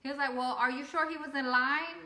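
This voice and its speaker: A woman casually telling a travel story on a family channel, lively and laughing as she quotes people. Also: sits high, a little fast. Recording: echoey room.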